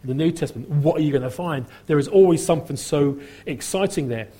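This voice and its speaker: A middle-aged man with a Norfolk accent preaches a sermon, his voice slightly husky and pitched a touch high for a man. He talks in a loose, joking way, often circling back and restarting his phrases. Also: fast, mellow. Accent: Norfolk English. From Norfolk, England. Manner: chatty, humorous, repeats and restarts phrases.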